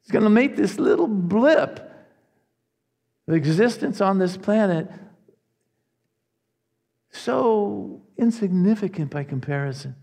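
A man preaching a sermon to his congregation, earnest and animated, often restarting his phrases. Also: sits high, takes it slowly, vocal fry, long pauses, big-room sound. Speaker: pastor.

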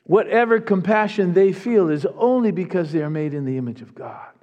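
Casting note: male pastor with a high voice, emphatic and earnest delivery, sermon recorded in a big echoing sanctuary. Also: expressive, fairly quick, muffled recording. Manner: emphatic, earnest preaching with repetitions. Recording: long reverb of a large hall.

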